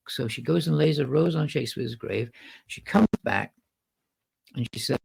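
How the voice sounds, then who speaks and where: A man's voice: fairly high pitch, very animated, moderate pace, vocal fry, long pauses, slightly rough, poor audio. A man, a podcast guest, telling a story in casual conversation and acting out the people he quotes.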